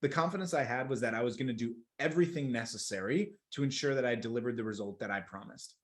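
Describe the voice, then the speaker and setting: A young man coaching sales in a webinar, energetic and emphatic, repeating words for stress. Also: medium pitch, quick pace. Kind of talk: webinar teaching. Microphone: video call.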